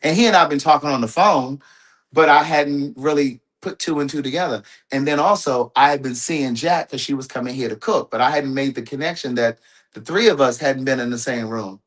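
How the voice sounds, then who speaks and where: A man's voice: mid-range voice, fairly quick, a bit bright. A man hosting a home livestream, telling a personal story in a rambling way, with restarts and asides to his audience. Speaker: livestream host. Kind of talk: casual storytelling to viewers.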